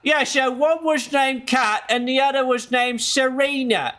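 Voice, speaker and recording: A man's voice: very high voice, fairly even intonation, measured pace, sharp tone, voice pushed up, exaggerated voice. A man putting on a British accent to play a chatty bloke telling a pub story in a hammy, playful way. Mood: jokey. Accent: put-on British.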